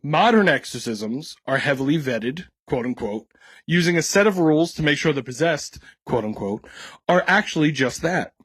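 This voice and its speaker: Irreverent, lively man telling a story. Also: fairly high pitch, normal speed, husky, no echo. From United States. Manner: irreverent, swears a lot, laughs at his own jokes. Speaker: podcast host telling the story. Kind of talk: casual comedic storytelling podcast.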